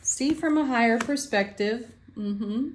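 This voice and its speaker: A woman giving a spiritual tarot card reading in a gentle, affirming way, laughing softly now and then. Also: fairly high pitch, measured pace, slight background noise.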